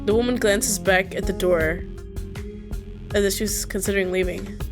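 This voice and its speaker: Snarky woman host reading a dating sim aloud, mid pitch. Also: steady tone, normal speed, over music. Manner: snarky asides and laughs. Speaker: gaming video host.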